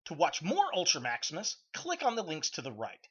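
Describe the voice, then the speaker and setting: A man's voice: on the high side, huge pitch swings, brisk, fairly bright tone, lo-fi sound. A man in his thirties hosting a casual toy review, giving blunt, frank opinions with lots of ums, uhs and restarts. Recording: echoey room.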